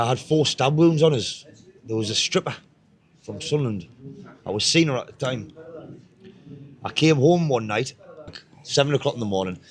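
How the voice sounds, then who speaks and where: A man with a Northeast English accent telling his life story in casual chat, blunt, swearing a lot and often repeating himself. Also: medium pitch. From Northeast England. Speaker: guest.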